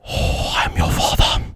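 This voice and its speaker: A man rasping as a breathy masked space villain. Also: dry recording, studio quality. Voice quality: breathy, unvoiced. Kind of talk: comic impression on a live stream.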